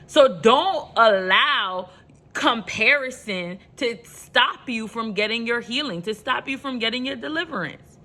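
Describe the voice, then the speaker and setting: Woman, New York accent, rough-edged bright voice, fairly high, emphatic motivational vlog talk. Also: animated, measured pace. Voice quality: rough edge to the voice. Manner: emphatic, repetitive, rises loud when passionate. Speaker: vlogger giving life advice. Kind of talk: passionate motivational talk to camera.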